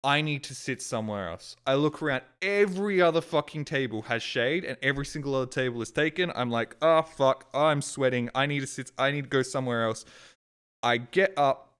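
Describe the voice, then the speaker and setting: A man's voice: medium pitch, a little fast, a bit bright, smooth. A young man streaming a game, telling a long rambling story with plenty of swearing. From Australia. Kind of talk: casual storytelling.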